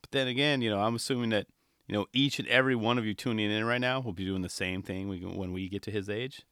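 A man's voice: fairly low pitch, fast, a bit bright, clean tone, no room sound, studio quality. A man in his thirties hosting a casual solo podcast, talking with enthusiasm and rambling asides, often slipping into quoted voices. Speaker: podcast host.

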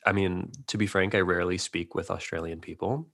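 A man hosting a relaxed interview, hesitant and rambling, often laughing between questions. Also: low-pitched, brisk, vocal fry. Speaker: podcast host. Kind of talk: casual interview.

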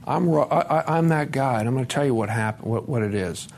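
A man's voice: mid-range voice, animated, fast, gravelly. Candid man telling his recovery story. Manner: candid, swings between hushed and loud, laughing. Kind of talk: personal testimony talk at a conference. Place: conference hall.

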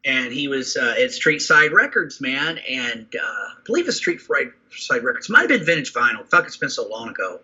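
Animated, swearing man telling stories. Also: medium pitch, moderate pace, few pauses, husky. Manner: animated storyteller, swears freely, says man and dude. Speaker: podcast guest. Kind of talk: casual chat about movies. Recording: dull lo-fi sound.

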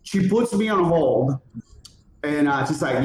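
A man's voice: fairly high pitch, measured pace, a crowd in the background. A man co-hosting a casual podcast, telling a story with lots of swearing and acted-out quotes. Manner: animated storyteller, swears freely, acts out quotes. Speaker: co-host. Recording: roomy echo with faint background noise.

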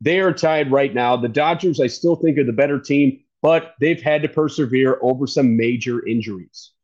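A man talking baseball casually as the show's analyst, quick and chatty, often correcting himself. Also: medium pitch, a little mellow, lo-fi sound. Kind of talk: casual sports talk.

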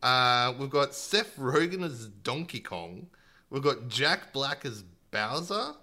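A man co-hosting a relaxed gaming chat, wry and teasing. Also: mid-range voice, slow. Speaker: podcast co-host. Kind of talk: casual chat.

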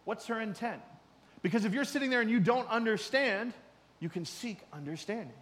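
High-voiced preacher man in a reverberant hall. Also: animated, a little fast. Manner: conversational preaching, swinging from loud emphasis to quiet asides. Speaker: pastor. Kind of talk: sermon.

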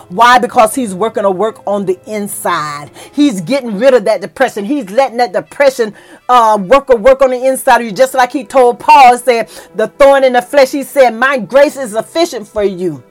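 A woman with a slightly high voice preaches a sermon fervently and emotionally, using folksy church talk that builds to excited peaks.

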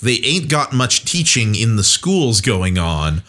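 A man's voice: on the low side, big pitch swings, unhurried, sharp tone, full character voice. A man putting on an American Southern accent to voice an uneducated, stubborn rural commoner who speaks in broken grammar. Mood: defiant. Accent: American Southern, put on. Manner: drawling, ungrammatical, defiant.

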